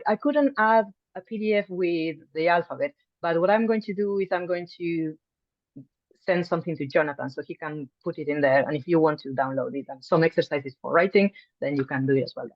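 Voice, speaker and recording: A woman's voice: on the low side, moderate pace, dry recording. A woman teaching an online language class in a friendly, chatty way, full of ums and restarts. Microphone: video call mic. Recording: dull, dry video call audio.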